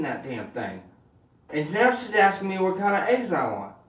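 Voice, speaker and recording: A man telling stand-up stories in an animated, swearing style, acting out the people in them. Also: high-pitched, moderate pace, roomy sound, distant mic. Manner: animated, swears freely, acts out voices. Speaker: stand-up comedian. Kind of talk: stand-up storytelling.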